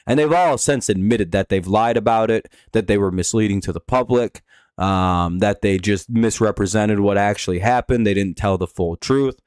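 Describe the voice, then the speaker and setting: A man's voice: on the low side, moderate pace, darkish tone, smooth, dry recording, clean studio sound. A man hosting a casual live stream, talking in a rambling, profane way with lots of fillers and restarts.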